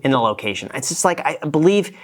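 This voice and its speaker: A man's voice: a little high, very animated, brisk. A man hosting a casual reaction show, a former real estate agent who gives frank, cost-minded critiques of a home tour.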